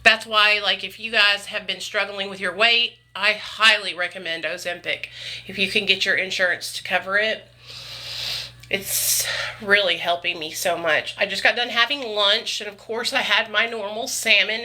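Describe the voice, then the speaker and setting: A woman's voice: medium pitch, normal speed, pushed and bright. A woman chatting casually to her livestream viewers, calling them honey and y'all. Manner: chatty, frequent "you guys" and "y'all", calls viewers honey and baby. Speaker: vlogger chatting with live viewers.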